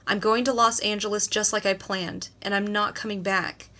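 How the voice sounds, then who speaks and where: A woman's voice: mid-range voice, steady tone, normal speed, bright, forceful tone. A woman voicing a defiant, panicking teenage girl.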